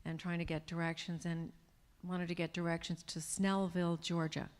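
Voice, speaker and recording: Low-voiced woman speaker in a hall. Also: level tone, moderate pace. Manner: chatty, warm storytelling with laughs. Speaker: guest speaker. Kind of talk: Q&A talk to an audience. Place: large event hall. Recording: hall reverb from a live event room.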